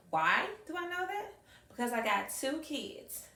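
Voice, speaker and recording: A woman's voice: fairly high pitch, very animated, moderate pace, creaky, pushed and bright. Emphatic woman teacher in an echoey room. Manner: emphatic, acts out dialogue, repeats phrases for effect. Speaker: high school math teacher and speaker. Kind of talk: storytelling talk to an audience. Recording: echoey room, mic at a distance.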